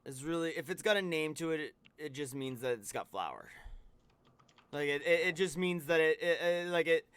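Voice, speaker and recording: A man's voice: on the high side, expressive, moderate pace, a bit bright, clean tone, no room sound. A man streaming a video game, chatting casually and rambling with many restarts and fillers. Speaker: streamer co-host. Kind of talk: casual chat while gaming.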